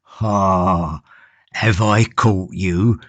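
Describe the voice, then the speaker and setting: Man doing a gruff old jailer, blustering, low and slow, dry close sound. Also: fairly even intonation, dry recording. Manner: blustering, roaring. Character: gruff old male gaoler, bullying and suspicious.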